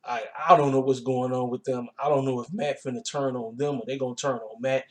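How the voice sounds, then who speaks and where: A man talks through a wrestling show in a loose, rambling recap, full of fillers and slang. His voice sits at an ordinary middle pitch colors the easygoing delivery. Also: little pitch movement, fairly quick. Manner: laid-back, colloquial, rambling with fillers.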